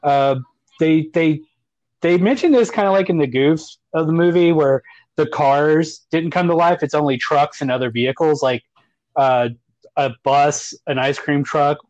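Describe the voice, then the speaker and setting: A man's voice: on the high side, fairly even intonation, measured pace, darkish tone, no echo, muffled recording. A man hosting a casual movie podcast, laughing often and acting out lines from the film. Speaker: podcast host.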